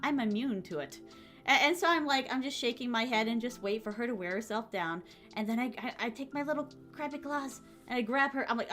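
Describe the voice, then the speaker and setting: Soft motherly woman streamer. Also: on the high side, brisk, soft background music. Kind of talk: casual chat reading stream comments.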